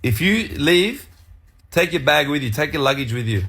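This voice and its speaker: A man's voice: fairly high pitch, sing-song, moderate pace, a bit bright. A man arguing in a controlling, insistent way.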